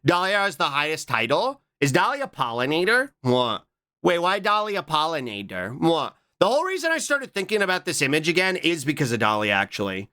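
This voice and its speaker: A man chatting casually on a live stream, reading and answering his chat with quick, repeated "what?" interjections. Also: a little high, wildly swooping pitch, bright, forceful tone.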